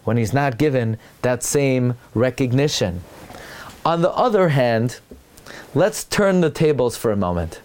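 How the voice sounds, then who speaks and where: A man giving a sermon with animated storytelling and rhetorical questions, sprinkling in Hebrew terms. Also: mid-range voice, unhurried. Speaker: religious teacher.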